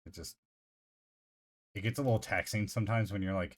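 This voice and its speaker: A man's voice: on the low side, brisk. A man streaming live, chatting casually in a rambling, profane way full of fillers. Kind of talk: casual livestream chat.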